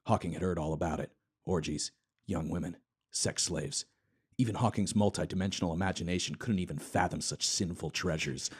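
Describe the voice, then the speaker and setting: A man with a low, deep voice reads a satirical short story aloud in a flat, deadpan way. He co-hosts a comedy podcast and keeps a straight face through the text. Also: a little fast, breathy edge. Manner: deadpan reading, breaking into laughter. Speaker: podcast co-host. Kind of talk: reading satirical fiction aloud.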